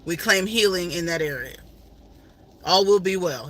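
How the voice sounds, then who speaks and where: A woman's voice: on the low side, unhurried. A middle-aged woman vlogger in an emotional, faith-filled personal storytelling style, repeating herself often.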